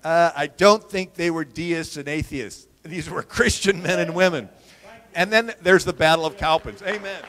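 A man with a slightly higher voice tells history like an adventure, lively and vivid, throwing in sound effects as he goes. His voice rings out with a long echo in a large hall. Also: normal speed. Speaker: historian giving a talk. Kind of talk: animated storytelling talk.

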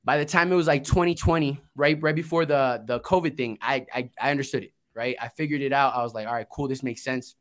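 A man's voice: medium pitch, steady tone, quick pace, hardly any pauses. Casual guy telling his life story on a podcast, cusses a lot, acts out the dialogue, mid voice. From Florida, United States. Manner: laid-back, swears, acts out quoted dialogue. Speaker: guest, investing entrepreneur.

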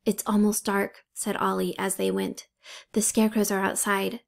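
A woman's voice: medium pitch, vocal fry. A woman reading a children's novel aloud as narrator, giving the characters' lines light, modest voicing. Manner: steady unhurried reading with lightly acted dialogue. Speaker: audiobook reader. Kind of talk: storybook narration.

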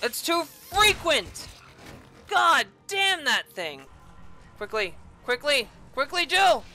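A woman giving gameplay commentary, yelling and swearing at the game, with sarcastic asides between outbursts. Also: sits high, very animated, slow. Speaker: gaming channel host.

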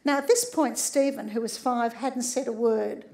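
Giving a public lecture as a sex therapist, this middle-aged Australian woman speaks in a high pitch with vocal fry and a slightly mellow quality. Her intonation is fairly even and her pace moderate, and she jokes while regularly checking in with listeners.

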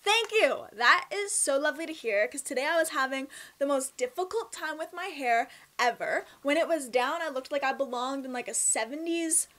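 Bubbly high-voiced Canadian woman vlogger. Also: normal speed, few pauses. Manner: bubbly, chatty and expressive, with laughs and emphatic swings. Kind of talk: casual Q&A vlog.

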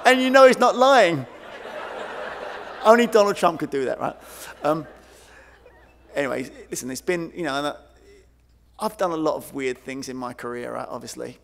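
A man delivers a conference keynote in a gravelly, fairly high voice, acting out the people in his stories with lots of fillers. His voice rings with the long reverb of a large hall. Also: normal speed, long pauses, a little hiss or hum. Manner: animated, acts out quoted voices, many fillers. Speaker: keynote speaker.

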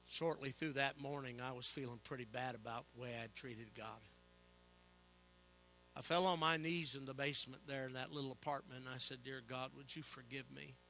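With soft music playing underneath, an older preacher shares spirited personal anecdotes laced with humor and prompts his listeners with "Amen?" His mid-range voice moves at a normal speed.

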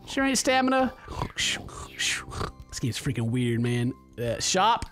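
A man's voice: mid-range voice, sing-song, slow, a bit bright, soft background music. A man doing let's-play commentary, rambling, laughing often and hamming up mock-romantic lines to a game character. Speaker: gaming YouTuber.

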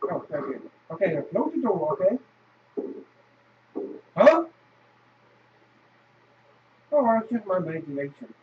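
High-pitched man in lo-fi game commentary. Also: big pitch swings, measured pace, long pauses, a little hiss or hum. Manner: frustrated, swearing, sudden loud outbursts. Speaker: gamer. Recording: roomy, distant, dull lo-fi.

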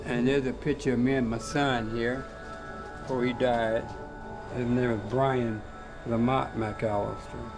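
A man's voice: medium pitch, flat delivery, measured pace, music in the background. An older man telling his life story in a casual, colloquial interview and acting out the voices of people he quotes. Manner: colloquial, laid-back, acts out quoted voices. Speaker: interviewee, cowboy.

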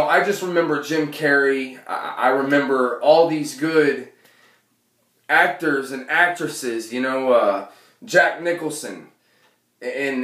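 A man doing rambling, animated stand-up comedy, recorded from far off in an echoey room. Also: mid-range voice.

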